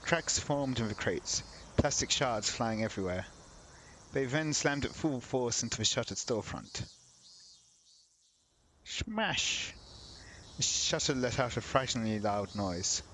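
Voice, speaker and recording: A man's voice: mid-range voice, moderate pace, a bit bright, low-quality recording. Male let's-play host reading story text aloud, casual wry asides, faint background hiss. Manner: reads narration, breaks off into wry comments.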